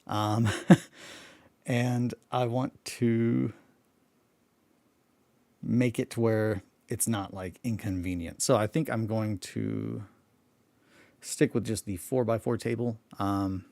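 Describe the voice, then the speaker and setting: Man, very deep voice, just woken up, rambling casual chat, swearing, dry close sound. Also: steady tone, takes it slowly, vocal fry, long pauses, a little mellow, no echo. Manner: rambling, self-interrupting, swears freely. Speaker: hobby vlogger.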